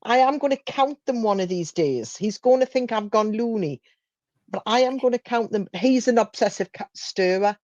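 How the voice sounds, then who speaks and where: Casting: woman, live-stream co-host, relaxed chatty talk, slightly higher voice, dry and a little dull sound. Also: normal speed, no echo. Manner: chatty, laughs easily, reads chat aloud. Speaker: livestream co-host. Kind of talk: casual chat.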